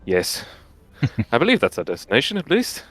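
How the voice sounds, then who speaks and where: A man's voice: mid-range voice, normal speed, dry recording. A young man playing his character in a tabletop game, answering in a polite, formal way. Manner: lively, breaks into laughter. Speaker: player.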